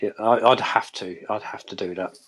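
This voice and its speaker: A man's voice: fairly low pitch, fairly even intonation, a little fast, fairly bright tone. Co-host, man in his late thirties, Cambridge accent, chatty and giggly, casual live chat over a phone. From Cambridge, England. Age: late 30s. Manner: chatty, laughs often, restarts sentences. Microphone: mobile phone.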